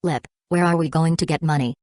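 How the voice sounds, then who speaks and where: A woman reads a hot-tempered young boy in an audiobook, eager and fiery. The voice stays low and dry. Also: a little fast, a little mellow, no echo, lightly acted.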